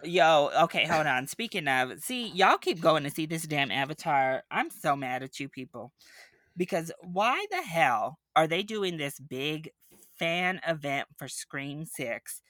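Animated ranting male podcast co-host. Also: on the high side, measured pace, no room sound, clean studio sound. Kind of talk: casual chat.

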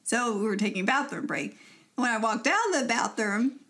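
A woman's voice: fairly high pitch, brisk, fairly bright tone. A young woman co-hosting a podcast, telling a story in casual chat with lots of laughs and fillers. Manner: chatty, laughs often, many fillers. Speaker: podcast co-host.

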